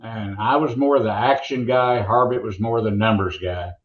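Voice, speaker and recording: A man's voice: fairly low pitch, normal speed. An older man, a veteran announcer, telling stories and jokes in a rambling, folksy way during an interview. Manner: folksy joke-teller, rambling restarts. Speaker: veteran monster truck announcer, guest. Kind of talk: casual interview storytelling. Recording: echoey, muffled remote line.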